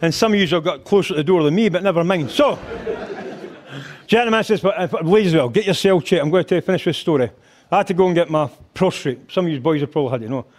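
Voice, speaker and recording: A man's voice: a little high, quick pace. An older man with a Scottish accent telling crude stories in a live stand-up routine, mimicking voices and humming tunes. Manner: animated storytelling, crude, mimics voices and sings band intros. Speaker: stand-up comedian. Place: rugby club function hall.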